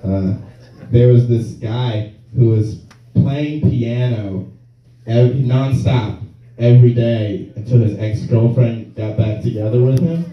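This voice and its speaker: A man's voice: medium pitch, measured pace. A male stand-up comedian working a small crowd, loose and laughing, slipping into mock voices. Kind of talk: stand-up set with crowd work. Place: small comedy venue with audience. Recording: far-off echoey room, dull lo-fi sound.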